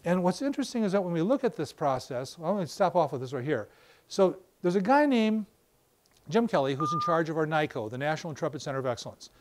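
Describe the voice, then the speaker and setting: An older man giving a professional lecture on a wireless mic, explaining with animated stories and acted-out examples. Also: fairly high pitch, fast, a little hiss or hum. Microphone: battery-powered wireless mic.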